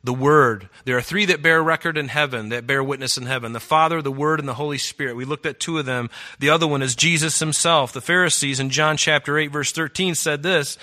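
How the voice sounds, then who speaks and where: Bright-voiced, earnest male preacher. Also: a little high, a little fast, few pauses. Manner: earnest, reads verses aloud and explains them. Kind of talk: sermon with scripture reading.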